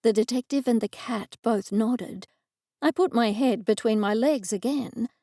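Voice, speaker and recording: An Australian woman narrating a cozy mystery audiobook in the first person, measured and expressive. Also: a little high, no echo, clean studio sound.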